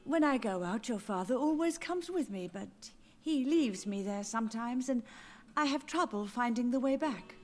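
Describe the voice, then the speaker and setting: A woman's voice: fairly high pitch, lively intonation, moderate pace, hardly any pauses, soft background music, lightly acted. An actress voicing a frail, grieving elderly mother in a video game, wistful and drifting in her thoughts. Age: older. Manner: wistful, drifting, quietly confused.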